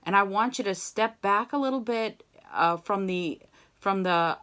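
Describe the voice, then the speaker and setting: A woman with a mezzo voice teaches an online singing lesson, chatty and encouraging. Her tone is bright and ringing, at an ordinary middle pitch. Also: animated, moderate pace. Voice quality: mezzo-soprano voice. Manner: chatty and encouraging, sings short demo phrases.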